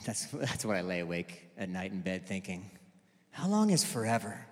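A man in his thirties preaching with comic stories, self-mocking, moving between quiet asides and loud shouts. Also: deep voice, very animated, moderate pace. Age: 30s. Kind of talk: sermon with comic storytelling. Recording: long reverb of a large hall.

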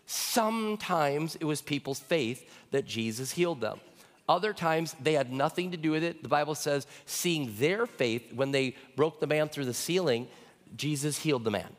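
A man's voice: on the high side, expressive, normal speed, in a large hall. A middle-aged male pastor preaching a sermon, telling stories in a conversational way and often checking in with the congregation. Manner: conversational storytelling with frequent check-ins to the congregation.

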